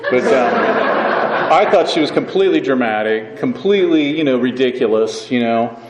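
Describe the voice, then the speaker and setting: A man's voice: mid-range voice, lively intonation, moderate pace, some chatter behind. A man speaking at a recovery meeting, telling his story in a rambling, self-mocking way and often asking "you know what I mean". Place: meeting hall. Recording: echoey hall with background noise.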